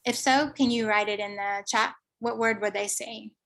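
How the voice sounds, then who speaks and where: Woman lecturing slowly over a call. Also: a little high, steady tone, gravelly, a bit bright. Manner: slow, explanatory, thinking aloud with fillers. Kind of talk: online lecture.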